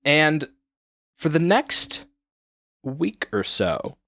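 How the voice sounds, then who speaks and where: A man's voice: a little high, drawn-out words, no echo. Easygoing male game master narrating. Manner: relaxed and storytelling, with frequent fillers.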